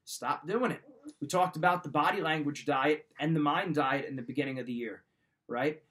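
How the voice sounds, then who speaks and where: A man's voice: on the high side, moderate pace, fairly bright tone. A man hosting a motivational talk, giving life advice in a direct coaching manner and repeating his key points.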